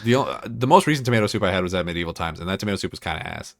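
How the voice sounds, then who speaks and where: Low-voiced joking young man. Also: lively intonation, rapid-fire, gravelly. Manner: rambling, joking, irreverent. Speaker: podcast co-host. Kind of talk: casual chat, episode review.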